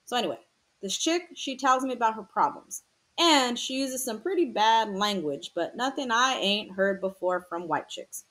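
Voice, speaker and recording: A troubled teenage boy, read by a woman, tells his story in blunt, slangy words. The voice sits fairly high and swings widely in pitch. He sounds tense and shaken. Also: expressive, moderate pace, fairly bright tone.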